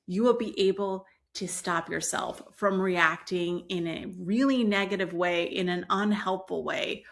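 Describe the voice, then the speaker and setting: Calm woman explaining parenting advice. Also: mid-range voice, creaky. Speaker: parenting educator. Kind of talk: solo advice talk.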